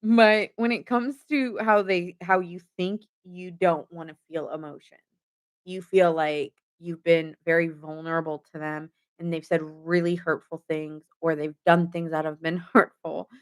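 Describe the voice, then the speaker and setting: A woman's voice: fairly low pitch, fairly even intonation, measured pace, clear, resonant tone. A young woman doing a casual tarot reading for her viewers, chatty and giggling often mid-sentence. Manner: chatty, many fillers like "like" and "giving". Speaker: tarot reader.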